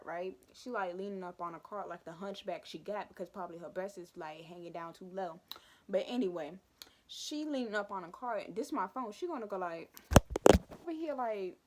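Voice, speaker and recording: A young woman telling a school story for her vlog, animated and dramatic with lots of asides. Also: medium pitch. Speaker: vlogger.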